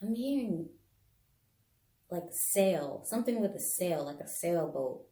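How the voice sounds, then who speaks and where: A woman talks to viewers through a casual tarot and bone-throwing reading. Her voice sits on the low side and she is chatty and animated, laughing often. The sound is echoey, as if picked up by a camera mic in a bare room. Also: a little slow.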